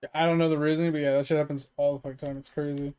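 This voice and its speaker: A man's voice: fairly high pitch, level tone, very fast, mellow, clear, resonant tone. A man streaming a game and chatting casually, rambling through stories and swearing freely. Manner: rambling, chuckling storyteller who swears freely. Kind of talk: casual chat while gaming.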